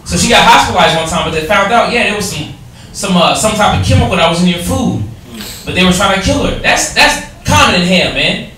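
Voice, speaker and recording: Emphatic slangy guy, bright sharp voice, far off in a big echoey room. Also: high voice, animated, fairly quick, a little hiss or hum. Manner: emphatic, slangy, chiming in with agreement. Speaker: group member. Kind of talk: casual chat.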